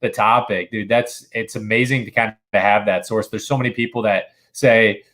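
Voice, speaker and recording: A man's voice: fairly low pitch, steady tone, normal speed, a bit bright. A man in casual podcast chat, explaining with enthusiasm, many restarts, and frequent use of "dude". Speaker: podcast co-host.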